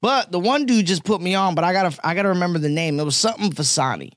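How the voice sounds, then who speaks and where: A man, a comedian in casual chat, talking in excited slang with frequent swearing. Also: high voice, rapid-fire, no echo, studio quality.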